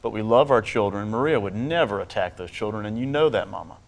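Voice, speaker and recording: A man's voice: lowish voice, fast, gravelly. A man with a Virginian Southern accent, a talk show guest, speaking earnestly and hesitantly about his family.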